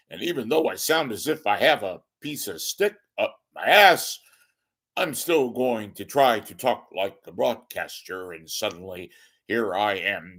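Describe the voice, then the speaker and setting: A man's voice: mid-range voice, fairly bright tone, pitched below the performer's own voice, full character voice. A man doing a stiff, pompous radio newsman. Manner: slow, stiff announcer delivery.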